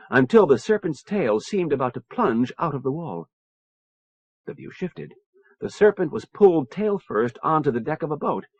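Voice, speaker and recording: A man reading a science fiction audiobook in measured storytelling narration, on a dull lo-fi cassette recording. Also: mid-range voice, husky, no echo. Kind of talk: scripted narration.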